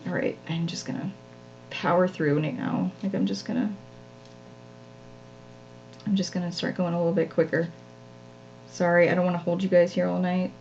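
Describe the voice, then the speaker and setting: A woman's voice: fairly low pitch, level tone, moderate pace, pauses often, a little mellow, dull audio, slight background noise. A woman hosting a live crafting stream, chatting casually and self-deprecatingly with viewers as she works, often laughing at herself. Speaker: craft channel host.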